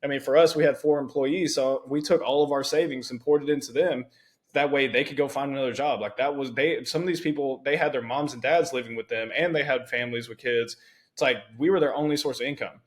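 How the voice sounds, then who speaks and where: A man's voice: mid-range voice, quick pace. Podcast host, young man, chatty storyteller, mid-range voice. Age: young adult. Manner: animated storytelling with many "it's like" asides. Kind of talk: conversational interview.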